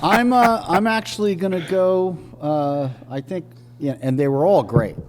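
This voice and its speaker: A man's voice: sits high, a little slow. A middle-aged man co-hosting a podcast in casual chat, hesitating and restarting his sentences. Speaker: podcast co-host. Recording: clear background noise.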